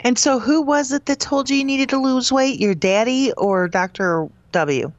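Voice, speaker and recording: A woman's voice: sits high, no echo, lo-fi sound. A woman co-hosting a morning radio show, teasing her partner and pushing back on his points. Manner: teasing, pushes back briskly. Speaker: radio co-host. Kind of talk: casual morning radio chat. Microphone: studio mic.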